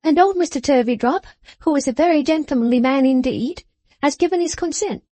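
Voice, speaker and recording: A woman voicing a tearful young woman begging her mother's blessing, with a high sobbing voice. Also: animated, measured pace, dark tone, no echo. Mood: tearful pleading.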